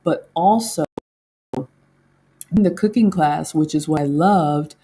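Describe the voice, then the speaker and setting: Chatty low-voiced woman home cook. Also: slow, mellow, breathy edge. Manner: chatty, talks to viewers as "class" and "y'all". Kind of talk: casual chat reviewing a baking class. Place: home kitchen.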